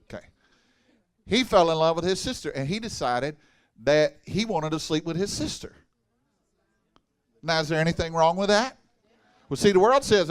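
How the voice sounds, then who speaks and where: A man with a drawl preaches to a church congregation in a fairly high voice. His delivery is folksy and animated, full of jokes and direct questions to the crowd. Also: normal speed, pauses often. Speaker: pastor. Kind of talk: sermon. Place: church hall.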